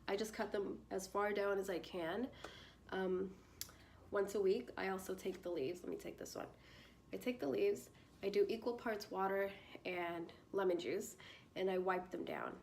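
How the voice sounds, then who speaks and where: A woman's voice: mid-range voice, moderate pace, darkish tone, a little hiss or hum. A young woman talking through plant care in a chatty, bubbly way, with lots of fillers and frequent laughs. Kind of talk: casual tutorial chat.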